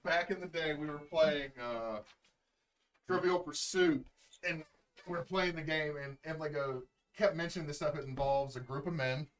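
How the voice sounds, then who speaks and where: A man's voice: fairly high pitch, moderate pace, fairly bright tone. Male player, wisecracking, casual table talk, distant mic.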